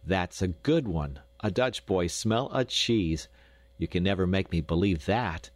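A man's voice: low-pitched, lively intonation, measured pace, no room sound. A man voicing a mischievous English boy who needles his friend in a mocking tone, for an audiobook. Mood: teasing. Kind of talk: audiobook character voice.

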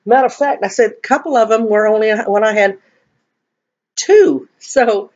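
A woman's voice: on the high side, moderate pace, a little mellow. A middle-aged woman chatting casually to viewers while eating, joking about herself. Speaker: mukbang vlogger. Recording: dull lo-fi home recording.

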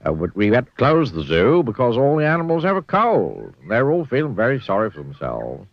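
A man's voice: mid-range voice, wildly swooping pitch, brisk, no echo. Apologetic storybook zookeeper, hesitant, a man doing the voice; dull lo-fi sound. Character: apologetic male zookeeper, giggly.

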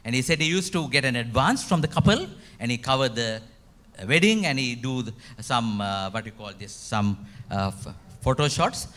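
Here a retreat speaker with a Sri Lankan accent addresses his listeners emphatically, asking them one rhetorical question after another. The voice is a man's, mid-pitched and expressive, moving at a moderate pace with a slightly bright tone.

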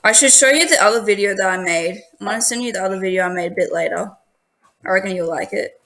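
A woman's voice: mid-range voice, fast talker, gravelly, a bit bright. A woman hosting a casual gameplay video, playful and teasing, often breaking into giggles. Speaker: gaming channel host.

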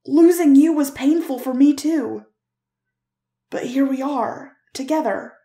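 A woman voicing an earnest, tender young man who pleads and coaxes with emphatic warmth. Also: high-pitched, a little slow, roomy sound, pitched above the performer's own voice.

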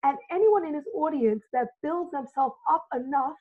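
Excited woman, high voice, sounds like she's on a phone call, acts out every quote. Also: normal speed. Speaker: self-love coach, guest. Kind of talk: enthusiastic motivational storytelling. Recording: phone-like narrow audio.

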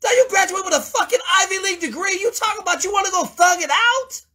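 A man's voice: very high voice, animated, fast talker, bright, forceful tone. A man mentoring a caller in a blunt, profane, confrontational lecture. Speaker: host mentor.

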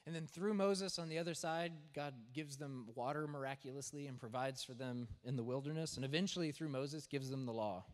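Preaching man in a reverberant church. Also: mid-range voice. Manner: conversational, asks "right?" often. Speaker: pastor. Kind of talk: sermon. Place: church sanctuary.

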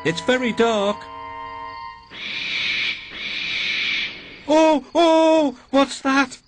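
A man with a British accent voicing a timid young male tank engine who scares easily, talking in a high, jittery, breathless way over background music. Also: sing-song, unhurried. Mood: frightened.

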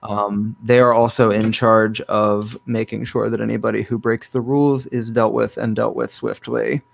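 A man guesting on an interview over a video call, explaining his game in a relaxed, easygoing way. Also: fairly low pitch, moderate pace, creaky. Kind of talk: casual interview chat.

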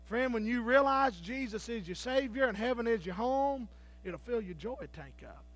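A man preaching a Baptist sermon from the pulpit with a strikingly high voice. He tells his stories by acting out the people in them and bursts into shouted, jubilant praise. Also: lively intonation, normal speed. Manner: acts out the characters in his stories. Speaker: pastor. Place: church sanctuary.

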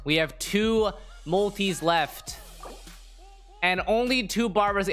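Male streamer, exasperated and profane, unhurried delivery, faint music bed. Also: high voice, fairly bright tone. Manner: exasperated, swearing, groaning at bad luck. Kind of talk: live gaming stream reaction.

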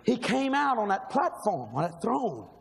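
A middle-aged man, a minister telling his story in an animated sermon, breaking into shouts. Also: high-pitched, normal speed, creaky, slight background noise. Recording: live hall reverb with faint crowd.

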